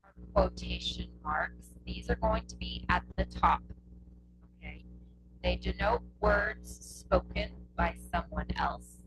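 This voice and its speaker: A woman teaches a test prep lesson in an unhurried, patient way. She goes over each point more than once and checks in with her listeners. Steady hum and noise sit under her voice. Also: fairly low pitch. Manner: slow, patient, repeats points with checking "okay?". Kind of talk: classroom lesson explaining punctuation.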